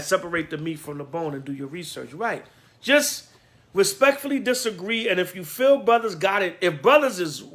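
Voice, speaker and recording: Brief: male preacher, high bright voice, emphatic and blunt, streetwise sermon. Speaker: priest.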